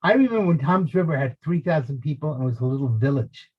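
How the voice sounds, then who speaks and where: A man's voice: mid-range voice, expressive, quick pace, slightly rough, lo-fi sound. An older man from New Jersey making friendly, chatty small talk on a video call, with a few restarts. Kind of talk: casual chat.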